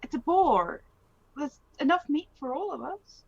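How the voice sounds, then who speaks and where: Higher-voiced hesitant woman player. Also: very animated, measured pace, gravelly, a little mellow, no echo. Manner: hesitant, stumbling over words. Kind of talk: playing a tabletop game. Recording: dull lo-fi stream audio.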